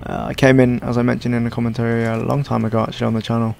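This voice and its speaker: Young male gaming commentator, tired and hoarse, gravelly, self-deprecating rambler. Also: medium pitch, level tone, very fast, darkish tone, slight background noise. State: hoarse, sore throat. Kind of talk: casual gameplay commentary.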